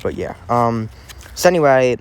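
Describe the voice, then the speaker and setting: A man's voice: mid-range voice, big pitch swings, normal speed, smooth. A man hosting a casual true crime podcast, talking in a rambling way with lots of fillers and restarts.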